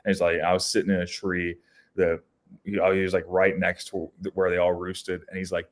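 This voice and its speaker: A young man with a low voice and a brisk delivery co-hosts a podcast, swapping casual outdoor stories. His storytelling is animated and rambling, full of restarts and fillers.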